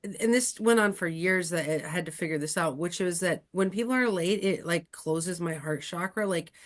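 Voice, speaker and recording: A woman astrologer hosting a casual podcast chat, talking in an animated, chatty way with many fillers. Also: fairly low pitch, moderate pace. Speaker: astrologer and host.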